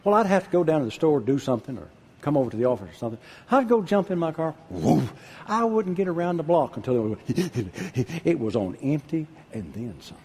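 An older man preaching a sermon, husky-voiced, dropping to a hush and then calling out loud. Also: on the high side, fairly quick. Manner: animated preaching, drops to a hush then shouts out. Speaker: pastor.

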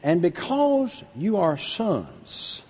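An older man preaching a sermon, husky-voiced, dropping to a hush and then calling out loud. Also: sits high, very slow, slight background noise. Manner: animated preaching, drops to a hush then shouts out. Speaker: pastor.

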